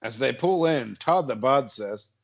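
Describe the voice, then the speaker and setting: A man's voice: medium pitch, expressive, unhurried, vocal fry. A man narrating a comedy horror podcast script, often laughing and stumbling over his lines.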